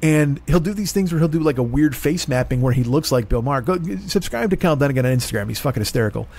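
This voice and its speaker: A man's voice: medium pitch, expressive, fast, a little mellow. A man in his forties hosting a solo comedy monologue, ranting in a profane, rambling, exasperated way. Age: 40s. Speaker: comedian host.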